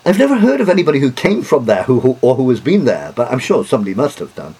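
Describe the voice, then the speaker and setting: A man's voice: mid-range voice, very animated, fast, warm tone, slightly rough. A man giving a history lecture, hesitant, with many fillers and restarts.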